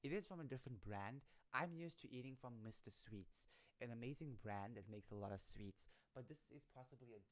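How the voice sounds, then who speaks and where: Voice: medium pitch, brisk, hardly any pauses. Rambling streamer reading articles aloud. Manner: rambling, stumbling over words, frequent laughter. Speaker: live streamer. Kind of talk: casual livestream reading satire articles.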